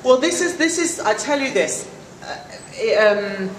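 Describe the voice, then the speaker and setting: A woman's voice: a little high, lively intonation, measured pace. A woman answering fan questions as a guest actress, chatty and laughing, often breaking off mid-sentence. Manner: chatty, laughing, self-interrupting. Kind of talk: fan convention Q&A. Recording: echoey hall recorded from far off with noise.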